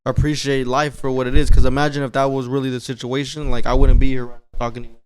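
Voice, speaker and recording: A man's voice: medium pitch, level tone, fast talker, clean tone, dry recording. A man talking loosely and with profanity as a podcast host. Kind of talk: casual chat.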